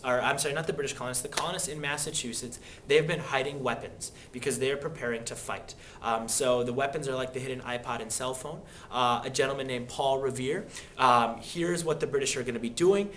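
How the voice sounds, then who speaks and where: A young man teaching history in a casual, animated way, acting out quoted people with sudden voice changes. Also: medium pitch, a little hiss or hum. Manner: animated, acts out quoted speakers. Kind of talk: classroom history lecture.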